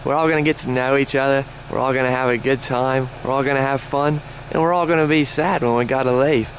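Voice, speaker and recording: A man's voice: mid-range voice, fairly even intonation, fast talker. A man chatting in an upbeat, rambling way in an outdoor vlog. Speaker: vlogger. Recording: outdoor noise with car engine.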